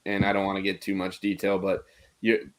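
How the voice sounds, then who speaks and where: A man's voice: deep voice, completely flat delivery, brisk. A man chatting casually on a video call about work, rambling loosely and restarting his sentences. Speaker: coworker guest.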